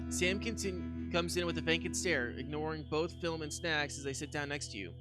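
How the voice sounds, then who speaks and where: A male streamer reads a story game's narration aloud in a relaxed, casual way. His voice sits slightly high, and music plays clearly behind him. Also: a little fast, hardly any pauses. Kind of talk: reading game text aloud with live commentary.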